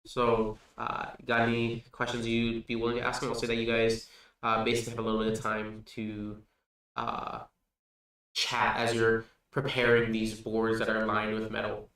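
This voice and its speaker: A man acting as game master, narrating a tabletop game in a relaxed way with many fillers. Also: on the low side, normal speed. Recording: echoey room, distant mic, faint music.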